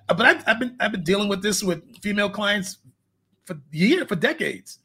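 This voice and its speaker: A man's voice: high-pitched, very animated, a little fast, fairly bright tone, husky. A man, a fitness coach, chatting casually in an interview, telling candid rambling stories and laughing at his own jokes.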